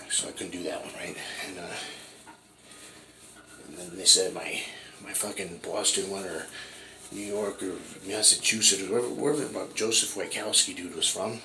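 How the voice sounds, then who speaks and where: Speaking at normal speed in a deep, steady voice against a noisy background, a man from Washington State in his forties recounts his acting journey. His telling is rambling and full of profanity, and he repeatedly asks "right?"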